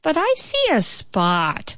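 A woman's voice: fairly high pitch, wildly swooping pitch, takes it slowly, fairly bright tone, no room sound, studio quality, voice pushed up, exaggerated voice. A woman reading a storybook aloud, voicing a naive, frightened, chatty fly that takes everything literally. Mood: innocent.

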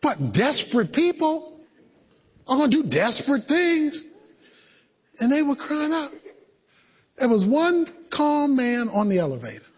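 A man preaching a sermon, telling a dramatic story with shouts and mimicked sounds. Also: very high voice, huge pitch swings, a little slow, long pauses, slightly rough. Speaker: pastor.

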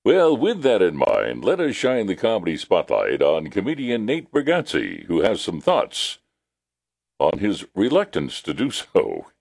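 A man's voice: deep voice, huge pitch swings, measured pace, creaky, a little mellow. A man hosting a radio show, introducing comedy clips and reading a sponsor segment in an upbeat announcer delivery. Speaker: radio morning show host.

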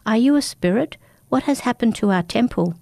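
Storybook young man, scared and grieving, voiced by a woman narrator, dark dry read. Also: fairly high pitch, animated, brisk, vocal fry, no echo, pitched above the performer's own voice. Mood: alarmed. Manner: urgent, pleading questions.

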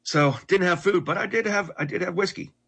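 A middle-aged man earnestly telling his life story in conversation, halting and restarting often. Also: high voice, gravelly, pushed and bright, breathy edge. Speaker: guest telling his testimony.

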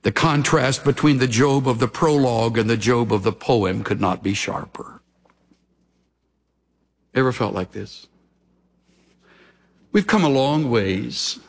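Male pastor, 60s, unhurried expository preacher, mid-range voice. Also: mid-range voice. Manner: slow, deliberate verse-by-verse teaching. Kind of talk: expository sermon.

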